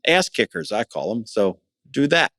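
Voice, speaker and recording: A man's voice: mid-range voice, sing-song, normal speed, bright, forceful tone, no room sound. A middle-aged man talking as a business owner in a conversational interview, enthusiastic and plain-spoken, often repeating words as he starts a phrase.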